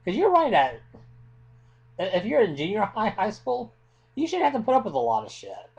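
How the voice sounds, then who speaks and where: A man records a heated rant into his webcam at home. His voice sits a little high and swings up and down a lot as he talks, blunt and impassioned, swearing freely as he makes his points. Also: wildly swooping pitch, normal speed, a little mellow, highs cut off. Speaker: vlogger.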